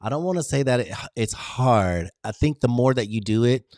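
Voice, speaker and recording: A man's voice: animated, moderate pace, darkish tone, dry recording, studio quality. A man hosting a live stream, giving an emphatic motivational talk full of repeated affirmations and greeting viewers by name. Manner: emphatic, repetitive affirmations with big pitch swings. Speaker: livestream host.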